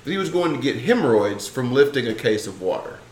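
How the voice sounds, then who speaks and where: A man's voice: sing-song, brisk, a little mellow. A man co-hosting a casual comedic podcast, playful and bantering. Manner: playful, jumps into high silly voices. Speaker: podcast co-host. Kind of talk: casual comedic book discussion. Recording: roomy echo.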